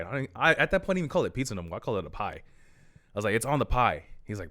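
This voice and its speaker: Animated swearing young man telling stories. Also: medium pitch, a little fast, no room sound, studio quality. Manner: animated, swears often, acts out dialogue in loud bursts. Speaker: podcast co-host. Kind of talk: casual storytelling chat.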